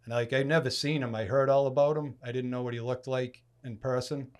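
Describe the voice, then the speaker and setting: A man's voice: mid-range voice, fairly quick. A middle-aged man from Massachusetts telling a casual story as a podcast guest, acting out the people he quotes. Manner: animated storyteller who acts out quoted people.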